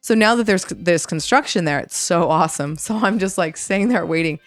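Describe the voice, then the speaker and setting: On a podcast she co-hosts, a sick, congested woman rants bluntly and with energy in casual conversation, acting out what she'd say to people. Her voice is lowish and a little fast, and the recording is dry.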